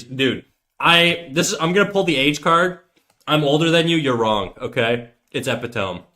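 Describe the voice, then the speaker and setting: Bright-voiced man bantering on stream. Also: fairly high pitch. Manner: joking, mock-defiant banter with chat. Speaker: livestreamer drawing while chatting. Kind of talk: casual livestream chat.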